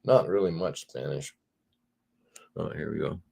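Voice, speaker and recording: A man hosting a casual livestream, chatting and reading viewer comments aloud in a relaxed, drawling way. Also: a bass voice, a little slow, gravelly, breathy edge. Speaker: livestream host.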